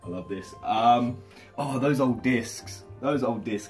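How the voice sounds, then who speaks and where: A young man, chatting excitedly and swearing freely as he shows off his collection at home. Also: mid-range voice, takes it slowly, faint music behind. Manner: swears freely, stumbles over words when excited. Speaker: vlogger showing his figure collection. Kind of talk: excited casual vlog. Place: home room with shelves.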